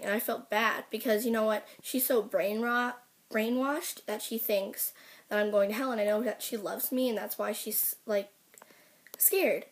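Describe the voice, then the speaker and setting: A teenage girl venting to her camera in a rambling, upset way, full of fillers. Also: medium pitch. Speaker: vlogger. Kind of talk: personal rant to camera.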